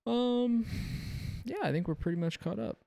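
Smooth-voiced earnest young man. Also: high voice, normal speed, mellow. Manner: rambling, filler-heavy, earnest. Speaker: podcast co-host, former Halo player. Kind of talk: casual chat.

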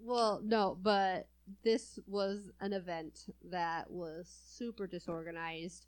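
A woman's voice: lowish voice, level tone, slow pace, clear, resonant tone. A woman in her early thirties chatting casually, laughing often and poking fun at herself. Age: 30s. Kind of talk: casual chat.

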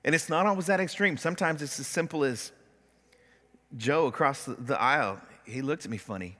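A man preaching a sermon as pastor, animated, acting out the complaints and prayers he quotes. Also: mid-range voice, brisk, long reverb tail. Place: church sanctuary.

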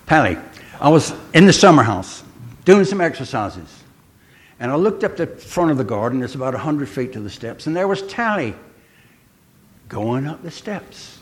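An older man preaches a sermon in a mid-range voice with big pitch swings and a moderate pace. He tells stories in a chatty way and puts questions to the congregation.

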